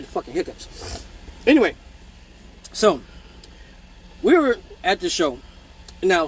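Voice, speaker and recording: A man with a high voice tells a rambling story on a casual livestream. He swears freely and keeps breaking off to joke with the people watching. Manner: profane, rambling, joking asides to viewers. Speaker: male exotic dancer hosting a live Q&A show.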